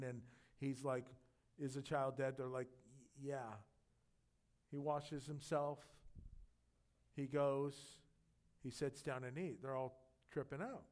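A man preaching a sermon, retelling scripture with animated storytelling that swings between loud emphasis and quiet intensity. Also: medium pitch, a little slow. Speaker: pastor.

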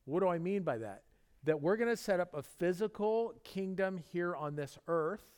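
A man giving a relaxed, conversational sermon, his voice sitting a bit high for a man. He tells everyday stories and acts out little bits of dialogue as he preaches. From Southern California. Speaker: pastor. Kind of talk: casual sermon.

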